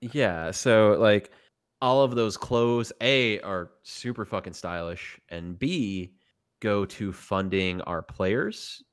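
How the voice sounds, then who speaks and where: A man's voice: fairly low pitch, takes it slowly, smooth. A man with a Tennessee Southern accent, a podcast guest chatting casually in a loose, emphatic way with the odd swear. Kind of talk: casual chat.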